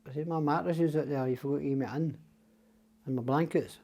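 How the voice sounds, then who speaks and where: On a podcast, an older Scottish guest tells stories casually, wandering from point to point, cursing often and doing the voices of the characters. His voice is dark and mellow without any brightness or edge, pitched fairly high, with fairly flat intonation and a fairly quick pace.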